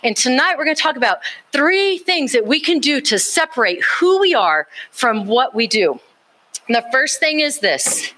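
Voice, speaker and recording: High, bright-voiced woman preaching live. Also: normal speed. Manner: animated, conversational, rising emphasis. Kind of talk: live sermon, casual and personal.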